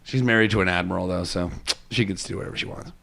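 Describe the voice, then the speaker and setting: A man co-hosting a casual podcast who talks in a relaxed, amused way, full of "like" and "yeah". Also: low voice, racing, gravelly. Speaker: podcast co-host. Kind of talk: casual chat, discussing an episode.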